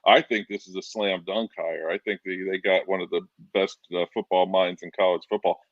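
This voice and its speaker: A man's voice: low voice, steady tone, fairly quick, no room sound, highs cut off. A man co-hosting a casual sports talk show, earnest, often restarting his sentences and repeating himself. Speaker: podcast co-host.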